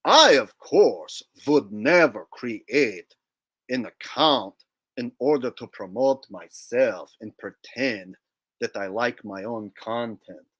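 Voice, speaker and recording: A man doing a slow, mock-solemn impression of a smug, self-righteous online man. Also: medium pitch, lively intonation, a bit bright, breathy edge, highs cut off, pitched below the performer's own voice, exaggerated voice. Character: smug, pompous online man mocked by the host.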